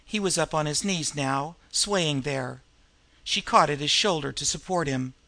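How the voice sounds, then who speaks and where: Man, audiobook narrator, scripted narration, bright voice, slightly high pitch, expressive. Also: a little slow, gravelly.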